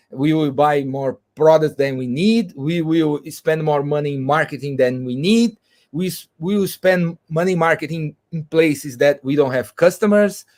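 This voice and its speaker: A man explains a business topic, stopping and restarting his phrases often. His voice sits a little high for a man. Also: a little mellow. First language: Portuguese. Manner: halting, with frequent restarts and fillers. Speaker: guest speaker. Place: video call.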